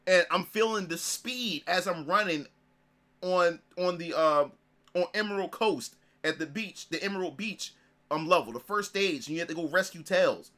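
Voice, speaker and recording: A man in his thirties, a gaming streamer, reminiscing in casual commentary, excitable and repetitive, swearing and restarting his sentences. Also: sits high, moderate pace.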